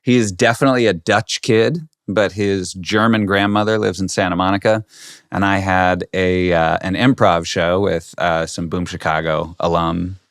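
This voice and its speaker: Low-voiced man, blunt on a podcast. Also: fairly even intonation, normal speed, clear, resonant tone, dry recording, clean studio sound. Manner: blunt, opinionated, telling stories. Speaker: podcast co-host. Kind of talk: casual chat.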